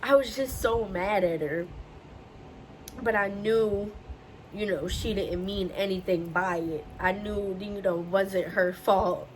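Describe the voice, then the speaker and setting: A woman's voice: medium pitch, fairly even intonation, slow, darkish tone, a little hiss or hum, poor audio. Woman vlogger telling a personal story. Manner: emotional, repetitive retelling.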